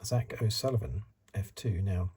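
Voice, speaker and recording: A middle-aged man hosting a soft-spoken ASMR card review, rambling in asides and drifting into whispers, recorded close to the mic. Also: fairly low pitch, moderate pace, breathy edge. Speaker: ASMR channel host.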